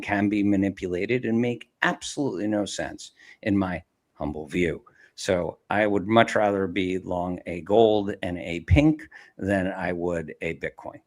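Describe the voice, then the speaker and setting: Deep-voiced man answering with halting pauses. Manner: halting, with many filler pauses. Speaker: panel guest. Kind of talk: answering a viewer question on a live panel.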